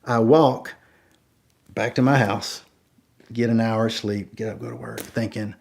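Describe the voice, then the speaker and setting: A man's voice: lowish voice, unhurried, creaky, long pauses, a little hiss or hum. A man telling a true story in a casual way, acting out the dialogue and saying "like" often. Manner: animated, acts out each line of dialogue, many "like" fillers. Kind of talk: casual spoken anecdote.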